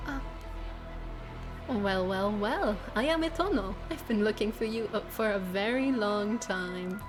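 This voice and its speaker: A woman's voice: medium pitch, slow pace, music in the background, lightly acted. A woman voicing a menacing male killer on the run, taunting and gloating in a game reading.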